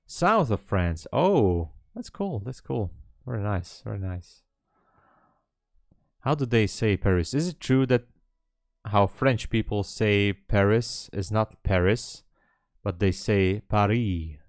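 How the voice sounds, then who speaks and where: Man, live-stream host, rambling casual chat, low voice, dry close sound. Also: lively intonation, takes it slowly, dry recording. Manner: rambling, hesitant, chatting with viewers. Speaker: livestream trading host.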